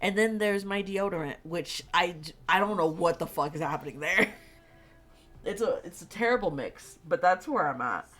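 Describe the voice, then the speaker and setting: Streaming with faint music in the background, a tired, congested young woman talks loosely with her viewers. Her pitch is fairly low and a bit bright, her intonation lively, and her speed normal, and she laughs often and fills her rambling talk with fillers.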